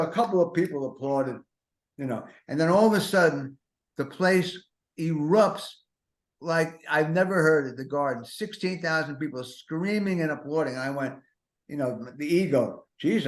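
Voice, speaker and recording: Hosting a podcast, an older man with a slightly high voice rambles through self-deprecating comic stories, doubling back in anxious, rapid-fire, neurotic asides. A noticeable echo rings around him, as though recorded in a bare room.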